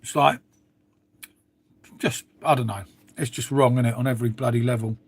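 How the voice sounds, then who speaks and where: A man's voice: medium pitch, fairly even intonation, moderate pace, husky. A middle-aged man chatting casually to viewers on a live stream, swearing freely and trailing off into asides. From England. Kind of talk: rambling casual chat to viewers.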